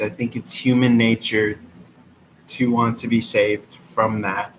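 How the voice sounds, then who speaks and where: A man's voice: lowish voice, level tone, slow, noisy background. A man doing a casual live-stream tarot reading, who reads a listener's question aloud again and again, keeps cursing and struggles not to laugh. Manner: swears often, breaks into laughter while trying to stay serious. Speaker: tarot reader.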